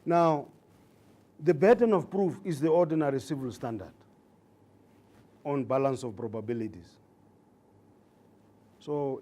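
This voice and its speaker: Mellow-voiced man lecturing on law. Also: on the high side. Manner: deliberate, repeats key points for emphasis; speaks with hesitations and fillers. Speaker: judge lecturing trainee judges. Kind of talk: legal training lecture.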